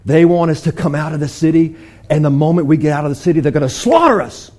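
A man voicing a suspicious king who hushedly warns of a trap. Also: fairly high pitch, lively intonation, fast talker. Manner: hushed, distrustful.

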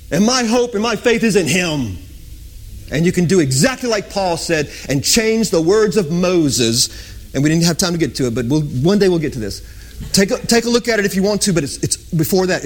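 A man preaching a sermon with passion, sometimes chanting lines and sometimes dropping to a hushed whisper. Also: sits high. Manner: impassioned, swings from loud sung-out lines to hushed whispers.

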